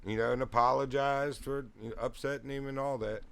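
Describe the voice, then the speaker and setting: A man's voice: mid-range voice, fairly even intonation, a little fast, vocal fry, clear, resonant tone. A man telling a rambling, profane story in casual chat, laughing often and getting heated as he retells it. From Virginia. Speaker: streamer.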